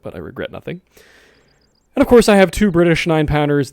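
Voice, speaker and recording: A man's voice: a little high, no echo, clean studio sound. A man giving casual, rambling commentary over a strategy game, correcting himself often and dropping jokey asides. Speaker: gaming video host.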